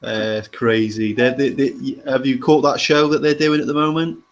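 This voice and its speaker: A man's voice: mid-range voice, fairly even intonation, moderate pace. A man calling in to a casual livestream chat, swearing and repeating words as he starts sentences. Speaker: guest caller.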